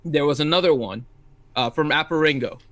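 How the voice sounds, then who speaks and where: A man's voice: on the high side, fairly quick, fairly bright tone, no echo. A man co-hosting a casual livestream, reading viewer questions aloud and often laughing as he reads. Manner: easygoing, laughs while reading.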